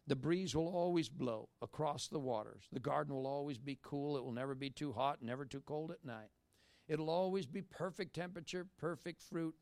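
A man preaching a sermon in a fairly high voice, recorded close and dry. He repeats phrases and fires rhetorical questions at the congregation. He swings between loud emphatic lines and near-whispered prayer. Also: dry recording.

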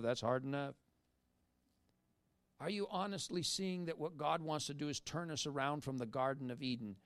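A man preaching a sermon in a fairly high voice, recorded close and dry. He repeats phrases and fires rhetorical questions at the congregation. He swings between loud emphatic lines and near-whispered prayer. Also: moderate pace, gravelly, no echo.

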